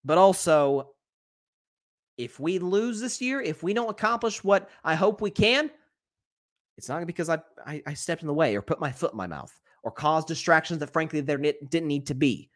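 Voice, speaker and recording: A male sports talk host gives live commentary in an animated voice that sits a little high for a man. He keeps restarting and repeating words as he works out his thoughts, and he reads viewer comments aloud. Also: normal speed.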